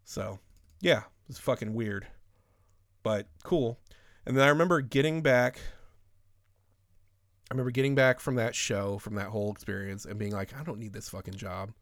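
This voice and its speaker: A man's voice: on the low side, normal speed, long pauses, no room sound. Profane, rambling man in casual chat.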